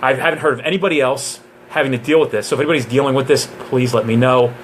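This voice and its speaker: A man's voice: medium pitch, fairly even intonation, very fast, slight background noise. A man who trains police officers, giving a casual live question-and-answer session with jokes and digressions.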